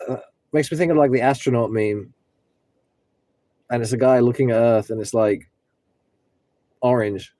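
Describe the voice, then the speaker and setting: Mellow rambling young man on a livestream. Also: mid-range voice, normal speed, long pauses, dry recording. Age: 20s. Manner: rambling, talks to chat viewers, breaks into singing. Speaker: livestreaming rideshare driver. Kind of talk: casual livestream chat. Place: in a car.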